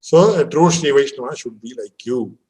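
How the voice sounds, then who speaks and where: A man with a mid-range, darkish voice gives a scriptural discourse at a moderate pace, patiently explaining verses and quoting Sanskrit and Tamil lines with the occasional chuckle. The recording quality is low.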